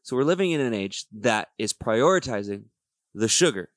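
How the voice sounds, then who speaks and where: A man co-hosting a casual faith podcast, chiming in with quick reactions and musing aloud. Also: medium pitch, no echo, clean studio sound. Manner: lively, chimes in with quick reactions. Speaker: podcast co-host.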